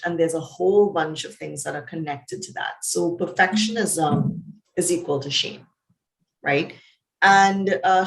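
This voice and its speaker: A Trinidadian woman, a psychologist, talks in an interview as an animated storyteller, laughing and jumping up and down in pitch. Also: gravelly, roomy sound, low-quality recording. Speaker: psychologist guest. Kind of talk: conversational interview.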